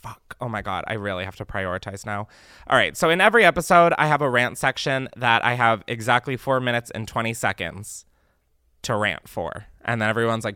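A man's voice: medium pitch, lively intonation, fairly quick, sharp tone, clear, resonant tone, dry recording, clean studio sound. A young man hosting a podcast, chatting casually in a campy, profane way. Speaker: podcast host.

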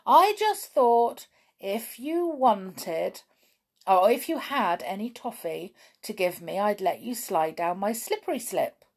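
A woman's voice: medium pitch, expressive, slow pace. A woman voicing a grumpy, demanding male tree dweller in a storybook reading. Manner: loud, abrupt.

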